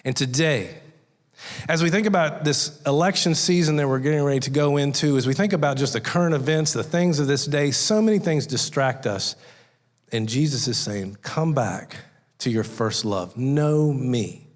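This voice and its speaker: In a church sanctuary with long hall reverb, a guest speaker delivers a conversational sermon, spinning folksy stories and doing little voices in his anecdotes. His voice is fairly high, animated, and at a normal speed.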